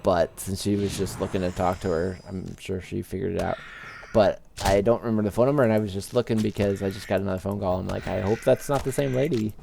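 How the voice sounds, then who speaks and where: A man casually commenting on his own game play as a let's-play host, relaxed and rambling. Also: deep voice, fast talker, gravelly, hardly any pauses, a little hiss or hum. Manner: relaxed, rambling, with many fillers. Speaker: gaming video host.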